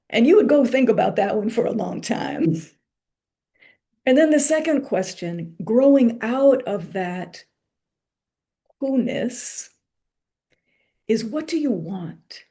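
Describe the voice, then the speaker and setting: A woman author giving a reflective spiritual lecture, speaking in a slow, meditative way with pauses and soft asides. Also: medium pitch, animated, husky.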